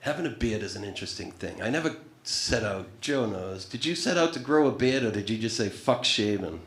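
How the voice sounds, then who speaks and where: A man's voice: on the low side, expressive, brisk. A man doing wry, profane stand-up comedy storytelling on a club stage into a handheld mic. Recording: echoey live club room.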